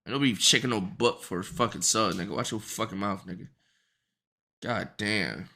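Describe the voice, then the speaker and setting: A man's voice: fairly low pitch, normal speed. A man streaming live, reacting to a video in casual, profanity-heavy slang. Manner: profane slang, loud banter.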